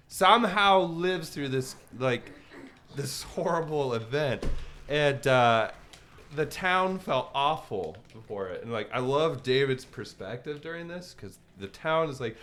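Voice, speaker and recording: Over gameplay, a male co-host tells a rambling, profane story in casual chat, peppered with "like" and loud, acted-out quotes. His voice is medium-pitched, expressive, and unhurried.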